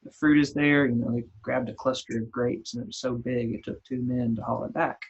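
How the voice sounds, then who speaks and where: A man's voice: mid-range voice, fairly even intonation, fairly quick, creaky, breathy edge. A man leading a casual Bible study in a church, retelling scripture in plain, folksy everyday terms. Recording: dull lo-fi recording.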